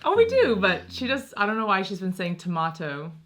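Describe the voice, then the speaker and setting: A woman's voice: mid-range voice, wildly swooping pitch, fairly quick, a bit bright. An American woman in her thirties chatting casually on a vlog, laughing often between thoughts. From United States. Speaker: vlogger. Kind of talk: casual chat.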